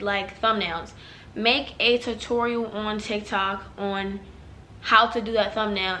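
Here a YouTuber in her young adult years shares channel advice with newcomers, her mid-range voice carrying a sharp edge over a faint hiss or hum. Her delivery stays loose and talkative, peppered with "like" and "y'all."

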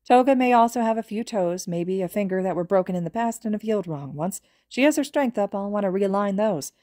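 Woman narrator voicing a kindly old nurse, calm and clinical. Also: mid-range voice, brisk, dry recording, studio quality, close to an everyday voice.

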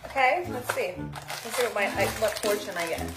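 A woman's voice: mid-range voice, lively intonation, moderate pace, echoey room, music in the background. A woman casually reviewing snacks on camera, chatty and giggly, sometimes talking with her mouth full. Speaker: snack taster.

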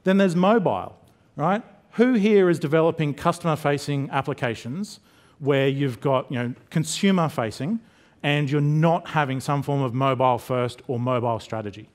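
A man from Queensland with an Australian accent, giving a conference talk and joking with the audience as he explains. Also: on the high side. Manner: jokey, addresses the audience with quick questions. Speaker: conference speaker. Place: conference hall.

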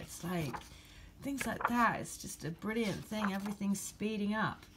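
A woman with an English accent giving a spiritual card reading, moving between steady reading of card meanings and excited, laughing chat about synchronicities. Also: medium pitch, normal speed, noisy background. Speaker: tarot and oracle card reader.

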